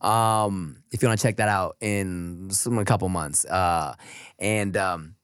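A man in his thirties whose voice is deep and husky from a sore throat. He co-hosts a podcast in laid-back, slangy banter, close on a studio mic with a dry sound and no room around it. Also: fairly even intonation, measured pace, no echo. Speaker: podcast co-host. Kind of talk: casual podcast chat.

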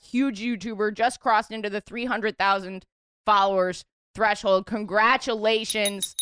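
A woman's voice: medium pitch, fairly bright tone, clear, resonant tone, no echo, clean studio sound. A woman hosting a comedy podcast, chatting and riffing playfully with her guests. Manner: playful, riffing, quick to laugh. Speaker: podcast host. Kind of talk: casual comedy podcast chat.

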